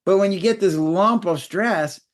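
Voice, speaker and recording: A man in his sixties, a physician guest in an interview, explaining in a lively way and acting out little scenes in a raised voice. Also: high-pitched, a little slow. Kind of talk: conversational interview.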